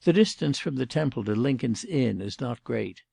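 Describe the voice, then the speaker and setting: Casting: deep-toned, gravelly male narrator for a period mystery audiobook, dry close sound. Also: animated, normal speed, darkish tone, no room sound.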